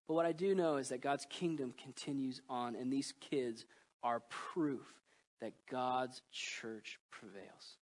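A man in his thirties preaching a sermon as pastor, earnest and emotional, swinging between loud pleas and hushed lines. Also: medium pitch, measured pace.

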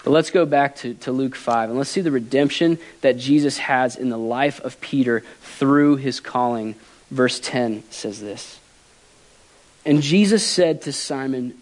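A man preaching a sermon as pastor, earnest and emotional, swinging from loud emphasis to quiet softness. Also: mid-range voice, measured pace.

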